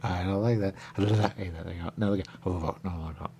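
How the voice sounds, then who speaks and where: A man's voice: sits low, steady tone, normal speed, mellow, a little hiss or hum. A man hosting a radio show in loose, rambling on-air chat, drifting between thoughts and repeating stock phrases.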